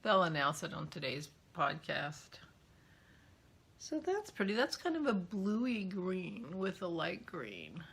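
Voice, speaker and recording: A woman's voice: lowish voice, big pitch swings, slow, vocal fry, a bit bright, breathy edge. A woman hosting a knitting vlog in a chatty, rambling way, often dropping to a whisper as she shows yarn. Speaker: knitting podcast host. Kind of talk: casual vlog chat while unboxing yarn.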